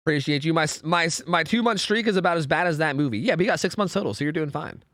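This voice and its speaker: Young man, streamer, casual live chat, profane, rambling, bouncy pitch, slightly high voice. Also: rapid-fire, dry recording, clean studio sound. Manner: profane, ranting, excitable; rambling with frequent restarts and fillers.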